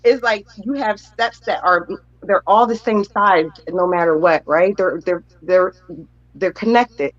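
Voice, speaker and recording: An excitable woman talks in a gushing, rambling way, full of fillers and restarts. Her voice sits at an ordinary pitch and sounds a little muffled and lo-fi. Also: unhurried. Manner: animated, gushing, lots of fillers. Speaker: guest tarot reader. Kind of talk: excited spiritual chat.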